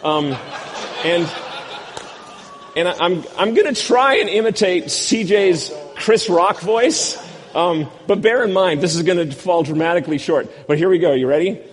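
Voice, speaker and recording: A man's voice: sits high, normal speed, long reverb tail. A man in his fifties, a pastor preaching a sermon with a wry, self-deprecating storytelling manner.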